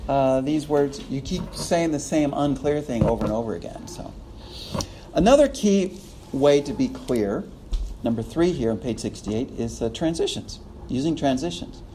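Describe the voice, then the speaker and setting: A man's voice: mid-range voice, animated, normal speed, background noise. A man teaching a preaching class in a classroom, chuckling often and acting out little quotes as he lectures. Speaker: preaching instructor.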